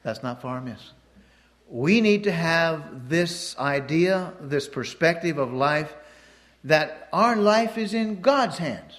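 Male preacher, slightly high voice, homespun storyteller, loose delivery with fillers and restarts. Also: expressive, slow, fairly bright tone. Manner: chuckles at his own stories. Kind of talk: sermon.

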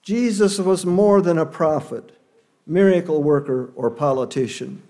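A man preaching a sermon in an earnest, measured way, leaning hard on key words. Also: a little high, a little mellow.

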